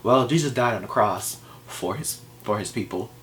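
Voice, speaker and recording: A man's voice: on the low side, animated, normal speed, a bit bright, a little hiss or hum. A man talking straight to camera in a vlog, passionate and exasperated, firing off rhetorical questions. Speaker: vlogger. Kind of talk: opinion vlog rant.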